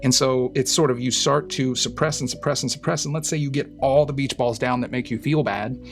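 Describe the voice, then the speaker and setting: A man's voice: medium pitch, steady tone, a little fast, faint music behind. A man, a psychologist, talking through a clip in a casual explanatory way with lots of fillers. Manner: explanatory, uses fillers and analogies. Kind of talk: reaction commentary.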